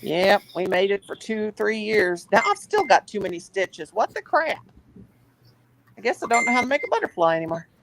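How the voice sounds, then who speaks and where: A woman's voice: mid-range voice, very animated, normal speed, creaky, slight background noise, rough recording. Chatty woman crocheting and laughing. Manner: chatty, laughs often, counts stitches aloud. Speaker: crochet channel host. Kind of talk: casual chat while crocheting.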